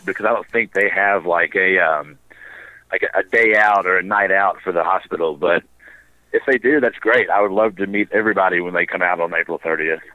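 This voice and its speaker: A man being interviewed as a wrestler, telling stories in a relaxed way with dry, sarcastic asides. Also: low-pitched, no echo. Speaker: wrestler guest. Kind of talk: casual storytelling interview. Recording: dry tinny phone line.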